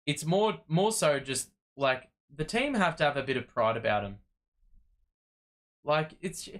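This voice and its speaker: A man's voice: medium pitch, fairly bright tone. Weary man hosting a sports livestream. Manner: weary, frustrated, rambling with restarts. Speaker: sports watch-party livestream host. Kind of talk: casual livestream chat.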